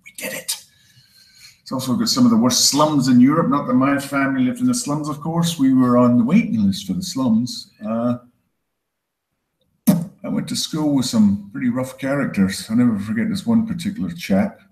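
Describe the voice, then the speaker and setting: A Scottish man with a slight Canadian tinge doing a crude, self-mocking stand-up set in a deadpan way. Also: moderate pace, roomy sound, poor audio. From Scotland. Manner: deadpan, crude, self-mocking, breaks into high mocking voices for quoted people. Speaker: stand-up comedian.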